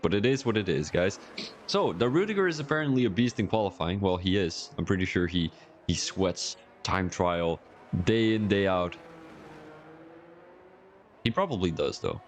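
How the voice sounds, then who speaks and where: A man's voice: low voice, expressive, moderate pace, long pauses, slight background noise. A man giving rambling, chatty live-stream commentary on a sim racing league, talking to his viewers and joking about himself. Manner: rambling and chatty, talks to the chat, jokes at himself.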